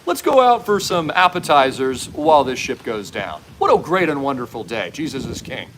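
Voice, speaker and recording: A man's voice: medium pitch, normal speed, slight background noise, pitched below the performer's own voice, poor audio. A man doing his unflappable cheerful dad. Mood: calm. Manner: relaxed and unbothered. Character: calm, cheerful, even-keeled father.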